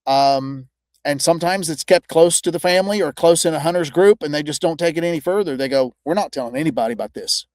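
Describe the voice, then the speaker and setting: A man's voice: a little high, a little mellow, no room sound. Earnest male podcast host, dry close sound. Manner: earnest, halting, searching for words. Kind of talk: casual interview talk.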